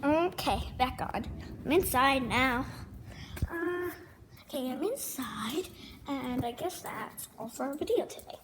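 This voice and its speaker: A female vlogger with a high, bright-sounding voice, talking slowly and rambling as she shows off her pets, now and then cooing at them. It is a noisy home phone video with rain hissing in the background. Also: expressive. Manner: chatty, rambling, coos at her dogs in a high voice.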